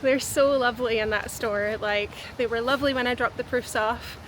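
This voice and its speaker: A woman's voice: on the high side, steady tone, normal speed. A woman from Scotland, an author chatting in a casual vlog with a bubbly, chatty manner, recorded on a handheld camera. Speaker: author and vlogger. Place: city streets and a car. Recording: loud street and traffic noise.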